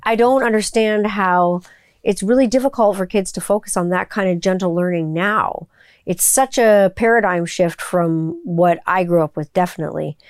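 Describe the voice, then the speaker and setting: A woman's voice: fairly low pitch, normal speed, clean tone, dry recording, studio quality. A woman in her forties, chatting casually as a podcast host, rambling through stories and swearing freely. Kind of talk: casual chat.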